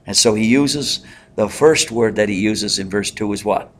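A man leading a Bible study in a conversational way, pausing with fillers and asking the group questions. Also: on the low side. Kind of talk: interactive Bible teaching.

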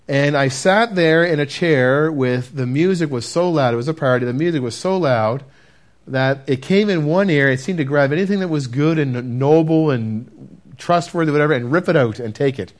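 Man, mid-pitched voice, earnest sermon, speaks directly to listeners, loud then hushed. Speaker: preacher. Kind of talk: sermon testimony.

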